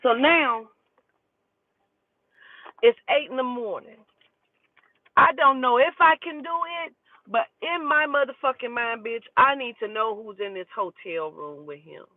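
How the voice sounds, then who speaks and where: A woman who does spiritual readings, telling a story in a casual, profane and animated way. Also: on the high side, measured pace, pauses often, no echo. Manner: profane, animated, talking to herself aloud. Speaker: spiritual reader. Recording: tinny phone-like dry audio.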